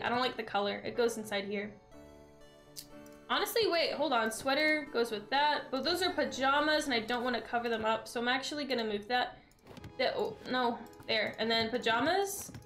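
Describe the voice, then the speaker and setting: A young adult woman streaming a game, chatting excitedly with her viewers as she plays. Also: a little high. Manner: bubbly, excitable, talks to chat while playing. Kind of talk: casual gaming stream chat.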